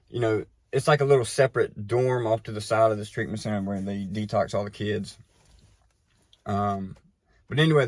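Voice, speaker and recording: A man casually telling a personal story, animated and conversational, often checking in with the listener. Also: medium pitch. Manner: animated, tags lines with "right?" and "you know". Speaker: recovery storyteller.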